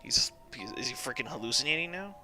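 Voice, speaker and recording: A man's voice: mid-range voice, animated, fast, music in the background. A man streaming a game, chatting casually, joking and laughing often. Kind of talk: casual let's-play commentary.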